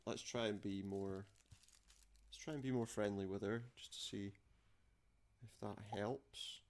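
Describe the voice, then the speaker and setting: A man's voice: fairly low pitch, fairly even intonation, measured pace. A man casually commenting while playing an adventure game, dry and wry. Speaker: let's play gamer.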